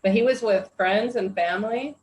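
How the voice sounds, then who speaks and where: A woman on a podcast, telling a relaxed anecdote in casual chat. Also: medium pitch, normal speed. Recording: echoey room with faint noise.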